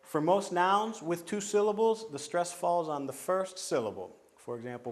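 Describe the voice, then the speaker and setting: A man giving a lecture to teachers on pronunciation and group work, in a measured, explanatory way, often restarting and clearing his throat. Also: high-pitched, lively intonation. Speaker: teacher trainer.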